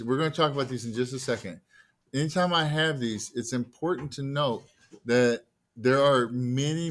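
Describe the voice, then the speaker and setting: A man's voice: medium pitch, a bit bright. A man delivers a classroom lecture in an easygoing, conversational way. He keeps quizzing the students, then supplies the answers himself, and slips in playful asides along the way. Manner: asks the class questions and answers them himself; casual, jokey asides. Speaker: teacher.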